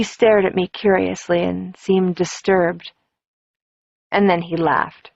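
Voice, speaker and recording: Brief: woman narrator, lowish voice, dry, dull lo-fi audiobook sound. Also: flat delivery, takes it slowly, gravelly, a little mellow, no echo. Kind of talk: first-person audiobook narration.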